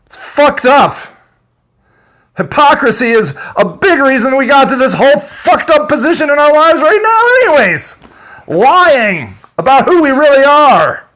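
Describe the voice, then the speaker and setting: A man's voice: sits high, fairly bright tone. A man delivering an angry, profane, unscripted rant to his audience, breaking into laughter between points. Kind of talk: unscripted ranting monologue.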